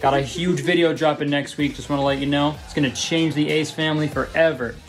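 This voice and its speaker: A man putting on a brash young vlogger, smug and gleeful, pitching his voice up into chirpy, over-hyped patter. Every line sounds like he is selling the next upload, and faint music runs underneath. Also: steady tone, a little fast, natural voice. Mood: smug hype.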